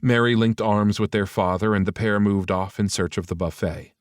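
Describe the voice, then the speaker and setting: A man narrating a romance audiobook in a steady, even reading style. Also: fairly low pitch, moderate pace, no room sound, clean studio sound.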